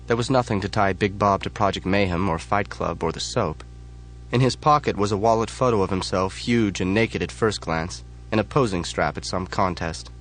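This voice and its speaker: Low-voiced male audiobook narrator. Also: a bit bright, a little hiss or hum. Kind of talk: first-person audiobook narration.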